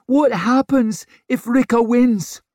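A man's voice: extremely high pitch, slow, darkish tone, no room sound, studio quality, pitched above the performer's own voice. A man doing a panicked screeching mother. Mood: frightened.

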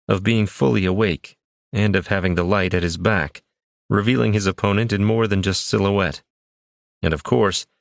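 Male audiobook narrator, deep, measured dramatic reads, dry booth sound. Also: gravelly, no room sound. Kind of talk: scripted fantasy narration.

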